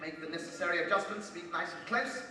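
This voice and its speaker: A man's voice: high voice, fast talker. A man hosting a live comedy stage show in a theatrical, mock-pompous, playful way. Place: large hall with a live audience. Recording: echoey hall from far off, crowd noise.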